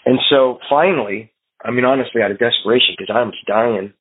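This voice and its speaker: A man's voice: medium pitch, a little fast, husky. A man hosting a phone meeting, telling an earnest personal recovery story and acting out his own thoughts. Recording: tinny phone line.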